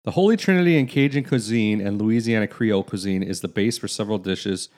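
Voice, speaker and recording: A man's voice: lowish voice, brisk, darkish tone. A man around forty co-hosting a casual chat, rambling along and reading facts aloud. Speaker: podcast co-host.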